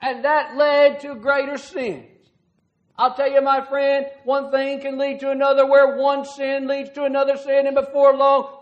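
Male preacher, very high-pitched, folksy sermon delivery with dramatic swells. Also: dull audio. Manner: earnest, folksy preaching with rhetorical questions.

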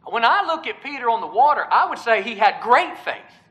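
A man preaching a sermon in an earnest style, swinging between loud emphasis and hushed, quiet passages. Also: very high voice, very animated, moderate pace, poor audio.

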